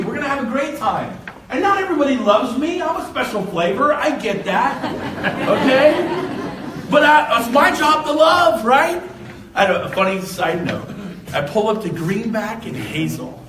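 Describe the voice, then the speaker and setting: Animated high-voiced man speaking to a crowd. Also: slight background noise. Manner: animated storyteller, shouts and laughs. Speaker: real estate speaker. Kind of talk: motivational seminar talk. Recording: echoey room from a distance.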